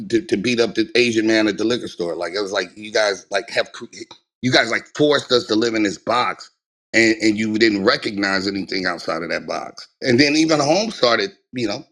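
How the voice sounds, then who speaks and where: A man's voice: on the low side, fairly bright tone, husky. A man from California, a guest, speaking emphatically in a loose, casual interview. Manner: emphatic, loose, fast-flowing speech. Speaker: guest rapper.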